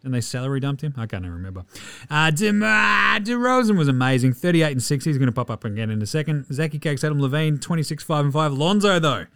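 An Australian man hosting a podcast, giving a fast, casual sports recap, excitable and swearing freely with jokey asides. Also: a little high, gravelly, smooth, no room sound. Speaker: podcast host.

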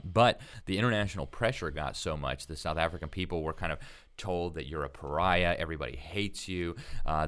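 A man's voice: a bass voice, fairly bright tone, clean tone. A man being interviewed as a magazine editor, explaining history at length in an emphatic, conversational way with frequent fillers and restarts.

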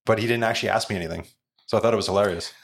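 Low-ish voiced guy hosting, talks fast, easygoing anecdotes. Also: vocal fry, slight background noise. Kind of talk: casual chat.

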